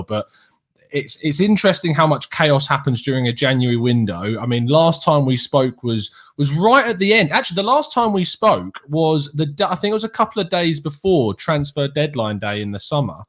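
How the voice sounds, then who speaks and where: A man hosting a casual football podcast, chatty and quick to laugh. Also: medium pitch. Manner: chatty, laughs easily, friendly British banter. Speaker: podcast host. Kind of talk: casual chat.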